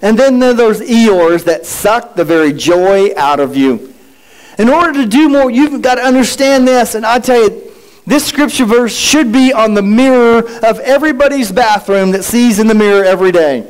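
A man's voice: sits high, animated, moderate pace, clean tone, rough recording. A middle-aged male pastor preaching a sermon with rhetorical questions and playful asides.

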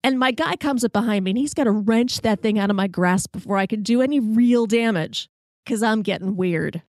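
A woman hosting a podcast, telling a funny personal story in a wry, self-mocking, animated way. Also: mid-range voice, brisk, dry recording, clean studio sound. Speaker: podcast host.

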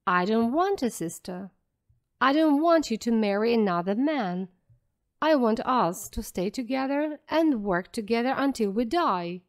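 A woman's voice: a little high, lively intonation, a little slow. A woman reading the lines of a stern, cold young clergyman in a storybook, firm and commanding. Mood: cold, insistent.

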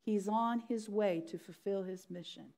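A woman's voice: mid-range voice, normal speed, creaky, a little mellow. A middle-aged woman pastor preaching a sermon, acting out the story's voices with animation.

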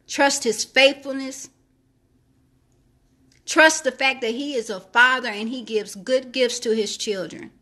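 A woman preaches in a sermon-style devotional, reading scripture aloud before commenting and urging trust in God with repeated phrases. Her voice is high-pitched, pushed and bright, a little slow, with frequent pauses.

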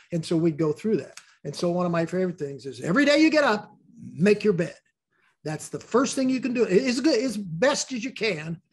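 A man's voice: sits high, a little hiss or hum. An older man talking as a guest in a casual interview, rambling and repeating words as he tells stories.

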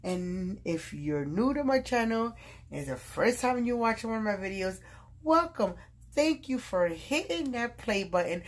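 A woman vlogging casually from her bed, gushing and excitable as she opens a gift box, with lots of fillers. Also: a little high, a little slow. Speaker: YouTube vlogger. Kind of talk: casual unboxing vlog.

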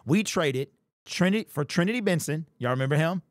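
A man's voice: a little high, lively intonation, normal speed, pauses often, dry recording, clean studio sound. A man hosting a fan commentary channel, talking in an amped, emphatic way and repeating his points. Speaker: sports channel host.

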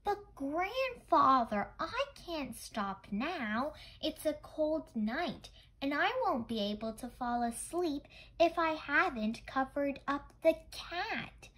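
A woman's voice: sits high, lively intonation, takes it slowly, hardly any pauses, fairly bright tone, pitched above the performer's own voice, exaggerated voice. Woman doing an eager, stubborn little girl. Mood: pleading. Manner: eager, pleading.

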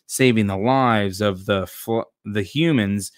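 An arrogant young speedster hero, scornful and short-tempered, read aloud by a man. His words come clipped and cutting, in a lowish voice with a dry sound. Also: slow pace, no echo.

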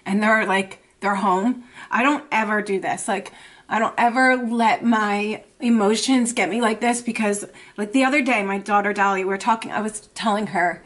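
A woman in her thirties talks to her camera in a tearful, anxious personal vlog. She speaks in halting runs, restarting and repeating herself with constant "like" fillers. Her voice sits slightly high. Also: fairly bright tone. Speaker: vlogger and mother. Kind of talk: emotional personal vlog talk.

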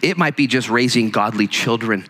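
Male pastor, sermon; bright tone, energetic conversational delivery, acts out quotes. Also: medium pitch, normal speed. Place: church sanctuary. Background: congregation present.

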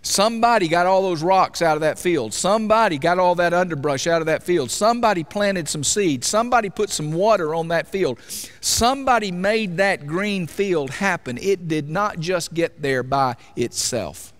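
A man's voice: sits high, expressive, moderate pace. A man preaching a sermon in a church, talking conversationally and asking his congregation questions. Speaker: pastor.

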